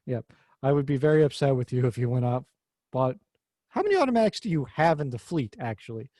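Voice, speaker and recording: A man's voice: medium pitch, big pitch swings, a little fast, dark tone, no echo. A man hosting a podcast, talking cars in a rambling, jokey way and swearing casually. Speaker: podcast host. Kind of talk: casual car chat.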